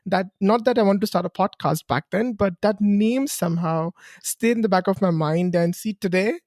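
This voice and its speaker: A male podcast host talking in an earnest, encouraging, measured way in a casual interview. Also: high-pitched, a little mellow, dry recording, clean studio sound. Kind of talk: casual interview chat and read podcast promo.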